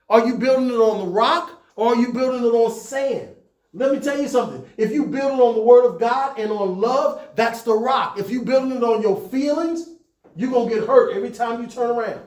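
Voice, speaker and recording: A man's voice: very high-pitched, a little mellow, reverberant. A man preaching to church leaders in a conversational style, climbing to emphatic peaks. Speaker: pastor.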